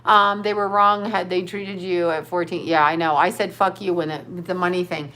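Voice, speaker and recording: A woman's voice: lowish voice, fairly even intonation, normal speed, pushed and bright. A middle-aged woman hosting a casual livestream as a psychic, rambling through viewer comments and breaking into profane outbursts. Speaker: livestream host.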